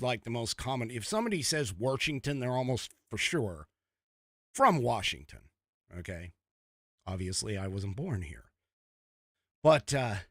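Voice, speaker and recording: A man hosting a podcast, talking in a rambling, animated way with frequent chuckles as he gives casual political commentary. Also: a little high, no echo, clean studio sound. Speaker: podcast host.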